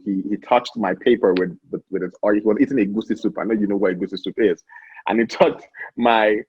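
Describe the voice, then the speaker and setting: Nigerian man, young adult, husky, lowish voice, dry dull sound, animated storytelling. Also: no room sound. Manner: animated, lots of restarts and stammered repeats. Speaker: guest, founder. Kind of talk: casual interview storytelling.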